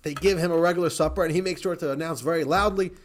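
A man's voice: a little high, fairly even intonation, rapid-fire. A man teaching a Torah class who tells a story with animation and acts out the quotes.

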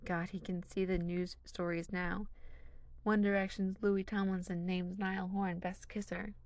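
A woman's voice: lowish voice, flat delivery, a little slow, a little mellow, dry recording. A woman narrating a fan fiction story in a casual, wry reading style.

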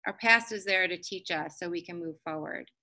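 A woman's voice: fairly low pitch, normal speed, sharp tone. A woman hosting a casual podcast chat, talking in an earnest, reflective and motivational way.

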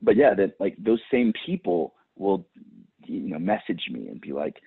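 A man's voice: low voice, very animated, normal speed, vocal fry, slightly rough, no echo. A man chatting casually as a podcast guest, laid-back, filling his talk with "like" and acting out what friends say. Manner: laid-back, many "like"s, acts out quoted friends. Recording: phone-like remote call audio.

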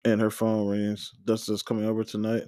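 A man talks through an episode recap in an easygoing, meandering way, tossing in fillers as he goes. His voice sits on the lower side and sounds warm and mellow. It's recorded close and dry, with no room sound. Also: monotone, a little fast, no echo. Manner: rambling, loose retelling with fillers. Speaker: podcast host.

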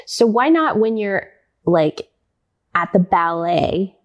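A woman, a ballet dancer, answering interview questions in a thoughtful, halting way, often searching for words. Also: medium pitch, lively intonation. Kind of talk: interview conversation.

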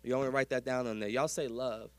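A man pastor giving a lively folksy sermon, calling out to the congregation. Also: mid-range voice, fast, no room sound. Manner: lively preaching with call-and-response to the congregation; folksy, says "y'all".

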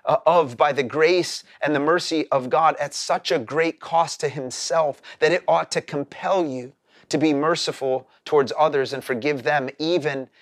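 A man's voice: a little high, dry recording, clean studio sound. A man preaching a sermon as a pastor, earnest and explanatory, often repeating words as he starts a phrase.

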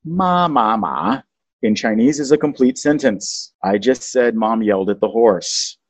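A low-voiced man with a husky edge talks casually, playfully teaching as a show host. The recording is dry and somewhat dull. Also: normal speed, a little mellow, dry recording. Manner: playful, teaching, sings out tones. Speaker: podcast host. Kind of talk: casual chat, explaining language.

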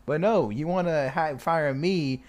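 A man telling a story in casual chat, swearing freely and acting out the quotes loudly. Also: on the high side, a little slow. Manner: animated, swears a lot, acts out quotes loudly.

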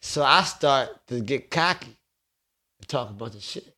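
A man's voice: medium pitch, lively intonation, normal speed, bright, forceful tone. A man, telling stories in a laid-back, streetwise way in a podcast studio. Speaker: bar owner guest. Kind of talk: casual storytelling.

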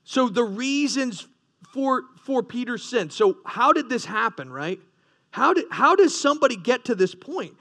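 A man's voice: extremely high pitch, sing-song, measured pace, bright, forceful tone. A man preaching a sermon, earnest, with rising emphasis and frequent restarts. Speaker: pastor.

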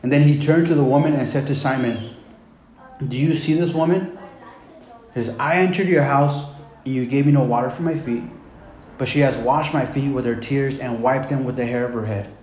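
A man with a medium-pitched, somewhat mellow voice preaches at normal speed, keeping things casual with frequent "man" and "right?" as he retells scripture plainly. Faint background noise and echo fill the room.

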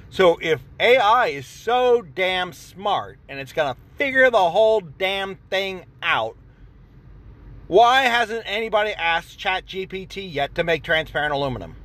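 A man's voice: fairly high pitch, fairly bright tone. A man hosting a podcast, rambling sarcastically and acting out imagined exchanges in a casual monologue. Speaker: podcast host.

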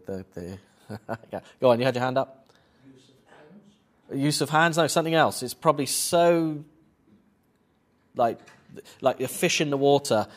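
Man giving a chatty lecture. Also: mid-range voice. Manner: chatty, quizzes the audience with questions. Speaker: film professor giving a lecture. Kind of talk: conversational public lecture.

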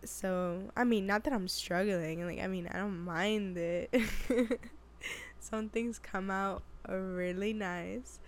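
A woman hosting her own show in casual chat, hoarse and raspy from illness, chatty and rambling, laughing often and second-guessing herself. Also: medium pitch, fairly even intonation, takes it slowly. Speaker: podcast host.

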